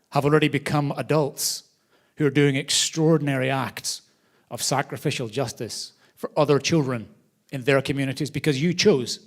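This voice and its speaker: A man addresses a crowd from a theater stage at a charity gala. His voice sits at an ordinary pitch, and he tells stories with energy, getting loud for punchlines and dropping soft for thank-yous. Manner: animated storyteller, varied loudness. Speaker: charity host. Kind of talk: live event speech.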